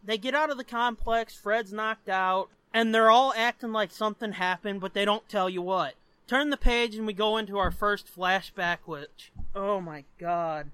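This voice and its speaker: A man's voice: high-pitched, moderate pace, sharp tone, clear, resonant tone, no echo. A man co-hosting a podcast who rants about a comic book in emphatic, profane casual chat. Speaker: podcast co-host.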